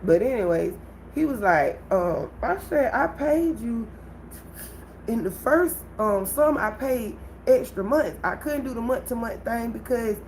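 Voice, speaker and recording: A woman hosting her own livestream, telling a personal story in an animated way and talking straight to her viewers. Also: fairly high pitch, unhurried, a little hiss or hum, poor audio. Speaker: livestream host. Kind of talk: casual livestream venting.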